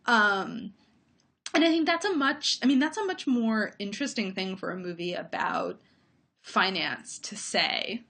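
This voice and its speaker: A woman's voice: medium pitch, unhurried, vocal fry, pushed and bright. Analytical woman discussing films. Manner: thoughtful, analytical, with frequent fillers. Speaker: film critic. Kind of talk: casual conversation about movies.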